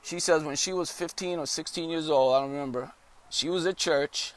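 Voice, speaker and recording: A man's voice: fairly high pitch, a little slow, long pauses. A male evangelist preaching a testimony story, with emphatic storytelling that builds in intensity.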